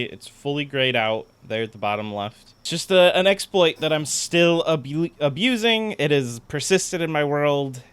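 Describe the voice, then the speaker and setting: A man's voice: medium pitch, a bit bright, smooth. A man giving casual gameplay commentary, chatty and explaining things step by step as he plays. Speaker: gaming content creator.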